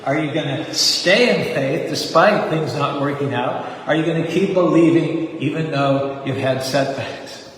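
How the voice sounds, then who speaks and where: A man's voice: on the high side, a little slow. Exhorting man in his seventies, echoey hall. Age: 70s. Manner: earnest, exhorting, leads chants. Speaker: temple preacher. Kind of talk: sermon with rap and call-and-response chanting. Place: temple hall. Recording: echoey hall from far off, faint noise.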